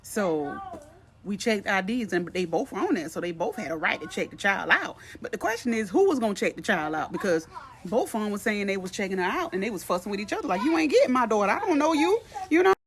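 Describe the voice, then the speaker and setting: A woman telling a storytime about her school front-office job in a chatty, lively way, acting out everyone's quoted lines. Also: mid-range voice, quick pace. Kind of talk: casual storytime vlog.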